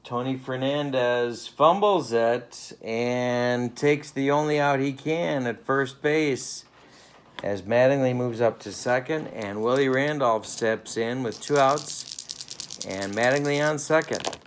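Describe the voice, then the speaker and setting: A man's voice: mid-range voice, takes it slowly, slight background noise. A man calling mock play-by-play for a tabletop baseball game at home, with dry, playful broadcaster patter. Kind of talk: mock radio play-by-play commentary. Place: home living room.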